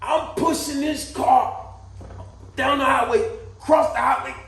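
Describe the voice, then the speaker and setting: A man's voice: very high-pitched, slow pace. A middle-aged man telling a story casually, acting out the people in it. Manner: animated, acts out voices of people in his stories. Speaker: vlogger telling stories. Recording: echoey room.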